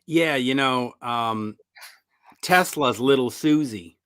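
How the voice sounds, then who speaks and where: A man's voice: medium pitch, slow, smooth, no room sound. Dry-sounding man telling rock stories. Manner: animated storyteller, acts out fans' reactions; sardonic about song lyrics. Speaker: podcast guest, rock music commentator. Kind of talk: casual interview chat.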